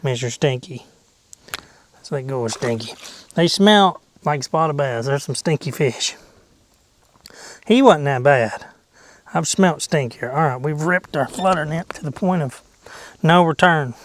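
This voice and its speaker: This fishing vlogger chats casually from a boat outdoors, goofy and talkative, now and then dropping into whispers and silly sing-song noises. His voice is a little high and expressive, a little slow with frequent pauses, over a faint hiss or hum.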